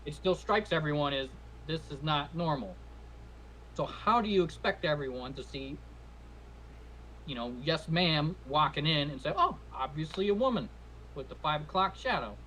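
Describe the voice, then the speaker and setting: A man with a slightly raised pitch lays out his view in a steady, explaining way on a casual podcast. Faint background hiss runs beneath him. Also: moderate pace, rough recording. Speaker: podcast co-host. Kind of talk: casual opinion chat.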